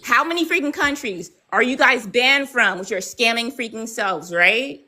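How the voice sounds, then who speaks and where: A woman's voice: on the high side, animated, moderate pace, pushed and bright, poor audio. A woman arguing angrily in a live stream, confrontational and profane, often tagging her points with "right?". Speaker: live debate participant. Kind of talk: heated live-stream argument.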